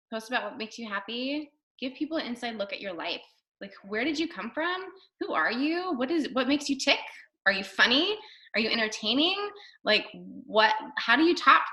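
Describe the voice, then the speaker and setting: A woman's voice: fairly high pitch, sharp tone. A woman leading a casual team video call as a fitness coach, chatty and upbeat, full of fillers and acted-out quotes.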